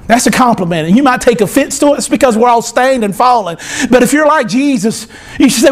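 A man preaching a sermon as pastor, animated, swinging from loud to soft. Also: very high voice, quick pace.

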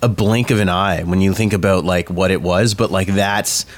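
A man chatting on a podcast, eager and halting, restarting his sentences as he lists achievements. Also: low-pitched, steady tone. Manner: enthusiastic, halting restarts while listing facts. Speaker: podcast co-host. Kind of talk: casual chat.

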